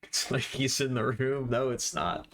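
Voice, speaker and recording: A man's voice: medium pitch, measured pace, a bit bright, slight background noise. A man chatting casually on a live stream while he draws, rambling and self-deprecating, with offhand swearing.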